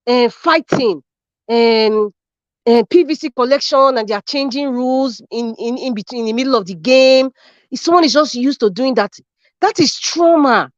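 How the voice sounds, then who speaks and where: A woman's voice: fairly high pitch, moderate pace, dry recording. A woman with a Nigerian accent, calling into a live show with impassioned social commentary, repeating phrases fervently like a preacher. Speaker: caller on a live stream show. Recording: dull lo-fi dry stream audio.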